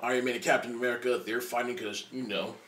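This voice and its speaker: A man in his twenties giving a casual spoiler movie review, excited and rambling, with lots of restarts and laughter. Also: medium pitch, quick pace, background noise. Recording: roomy echo, distant from the mic.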